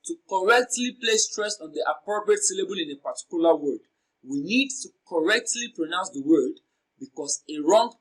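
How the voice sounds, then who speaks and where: A man from Nigeria teaching an exam prep lesson, reading out options and slowly repeating words to show their sounds and stress. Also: a little high, poor audio. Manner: slow, deliberate, repeats words for pronunciation drills.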